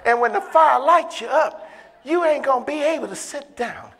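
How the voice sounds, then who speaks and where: A bishop preaching a sermon to a congregation, moving from low, casual talk to loud, impassioned calls and laughing between lines. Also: moderate pace, gravelly. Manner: casual vernacular grammar.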